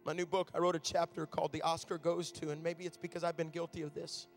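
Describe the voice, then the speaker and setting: High, gravelly-voiced male preacher. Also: level tone, quick pace, soft background music. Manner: storytelling, building to shouted climaxes. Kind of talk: sermon. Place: church auditorium.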